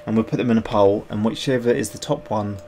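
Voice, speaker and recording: Low-ish voiced guy livestreaming his sculpting, muttering and thinking out loud, faint hum in the back. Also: steady tone, fast talker. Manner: thinks aloud, rambling and self-mocking. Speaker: sculptor streaming his work. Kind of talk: casual livestream chat while working.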